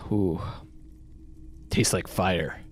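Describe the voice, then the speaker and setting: A man's voice: low-pitched, fairly even intonation, extremely slow, slight background noise. A man hosting a let's play, casually commenting on the game and thinking aloud, often restarting his sentences.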